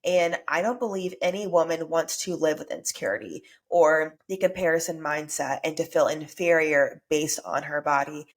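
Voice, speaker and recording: A woman hosting a solo motivational podcast, speaking in an upbeat, earnest way while congested with a stuffy nose and sore throat. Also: low-pitched. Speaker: podcast host.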